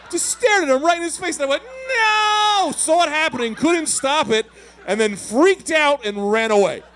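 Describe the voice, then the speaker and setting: A man in his thirties doing stand-up storytelling, acting out voices with big swings. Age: 30s. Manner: animated, acts out voices with big pitch swings. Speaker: stand-up comedian.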